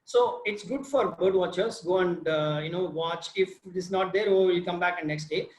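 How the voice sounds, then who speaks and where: A man with an Indian English accent, a field biologist telling his research story in an informal online session, animated and quizzing his listeners. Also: high-pitched, moderate pace. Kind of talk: informal talk on a video session. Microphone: video call. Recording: roomy echo.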